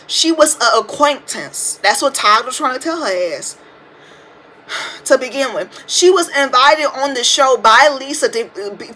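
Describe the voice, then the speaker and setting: A young woman in her twenties talks through a podcast monologue in a high, bright voice. She rants with loose slang and plenty of swearing, in a casual, animated way, recorded on a phone. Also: slight background noise, low-quality recording. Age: 20s. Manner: animated, profane, ranting with slang. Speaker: podcast host. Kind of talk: casual reality TV commentary monologue.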